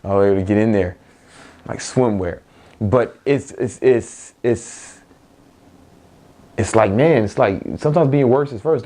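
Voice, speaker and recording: A man's voice: mid-range voice, a little mellow. A young man, an entrepreneur, giving a blunt, profane motivational talk with frequent laughs and restarts.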